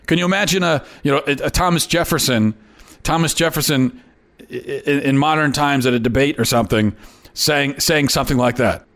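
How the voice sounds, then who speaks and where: A man's voice: medium pitch, a little fast, a bit bright. Emphatic man delivering a monologue. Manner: emphatic, repeating words for effect. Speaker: host. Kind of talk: opinion commentary monologue.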